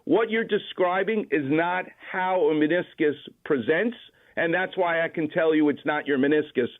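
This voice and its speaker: A man's voice: on the high side, moderate pace. A man, a doctor calling in as a guest, explaining medical advice in a confident, precise, instructive way over the phone. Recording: tinny phone line.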